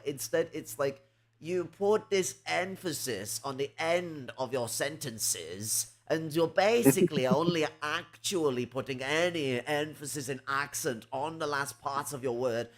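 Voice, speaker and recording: A man from England, talking in a casual chat, rambling with lots of fillers and the odd swear word. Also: fairly high pitch.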